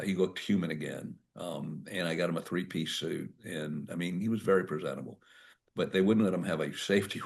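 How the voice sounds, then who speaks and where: Gravelly, very low-voiced older man. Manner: anecdotal, acts out dialogue. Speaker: author and former prosecutor. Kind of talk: storytelling at a book talk.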